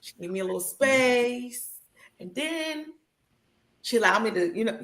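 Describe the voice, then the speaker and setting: A woman talking on a podcast with a bright, forceful voice that sits a little high. She is emotional and expressive, swears freely, and slips into animated voices when she quotes people. The sound is echoey and roomy. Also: measured pace. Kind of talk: casual podcast chat.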